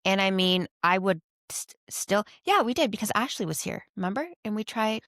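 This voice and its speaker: Lively storytelling mom, dry sound. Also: female voice, medium pitch, moderate pace, no room sound. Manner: lively storytelling, laughing often. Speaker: podcast co-host; mother. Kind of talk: casual chat.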